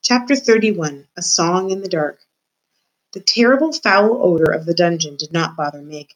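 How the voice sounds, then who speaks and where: Expressive woman teacher reading aloud. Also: fairly low pitch, moderate pace, low-quality recording. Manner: expressive, addresses the reader. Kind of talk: read-aloud storytelling.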